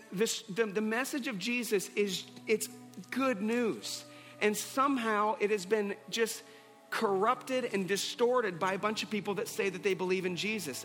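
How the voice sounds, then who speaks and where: A man's voice: sits high, a bit bright. A man preaching a sermon as pastor, earnest and repeating phrases for emphasis. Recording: hall reverb with faint music.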